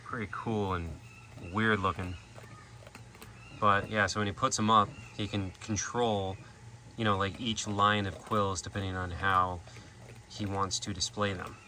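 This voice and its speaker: A man's voice: fairly low pitch, level tone, unhurried, bright, forceful tone, low-quality recording. A man hosting a casual vlog at an animal sanctuary, talking loosely with plenty of "like" and "you know". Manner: chatty, many "like" and "you know" fillers. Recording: outdoor noise in the background.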